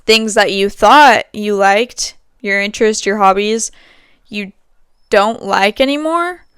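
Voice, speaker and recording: A woman's voice: mid-range voice, slow pace, a bit bright, smooth, no room sound, studio quality. A young woman hosting a podcast at home, talking candidly and rambling, with many fillers and frequent laughs. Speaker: podcast host. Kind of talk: casual monologue.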